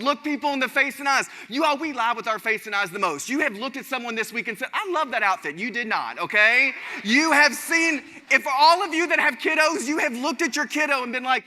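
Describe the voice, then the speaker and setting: Bright, animated keynote speaker man. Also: extremely high pitch, fairly quick, few pauses. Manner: animated, addresses audience directly as y'all. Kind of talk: energetic keynote speech. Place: conference stage before an audience. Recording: large hall reverb.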